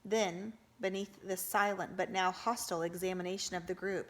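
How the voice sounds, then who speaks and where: A woman reading a novel aloud as an audiobook, with expressive narration. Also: mid-range voice, moderate pace, hardly any pauses. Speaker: audiobook reader for a homeschool group.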